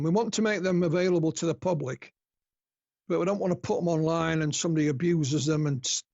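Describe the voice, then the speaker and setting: A man's voice: on the high side, a little mellow, dry recording, dull audio. A man from the north of England with a northern English accent, a guest researcher telling anecdotes in a chatty way on a casual podcast interview. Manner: chatty storyteller, laughs at own anecdotes.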